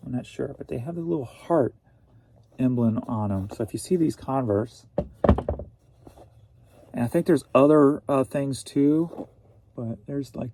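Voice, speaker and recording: A reseller vlogger from St. Louis, Missouri, chats casually in a mid-range, mellow voice. He rambles and jokes around, laughing often.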